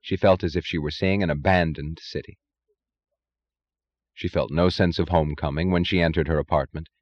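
A man narrating an audiobook in a measured, expressive way, in a dull, lo-fi recording. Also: low voice, no room sound. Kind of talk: scripted narration.

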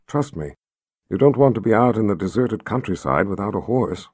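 Man putting on a gentle ghostly mom, soft and soothing, lowish husky voice. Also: lively intonation, moderate pace, no echo, clean studio sound. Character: gentle, soothing motherly woman spirit.

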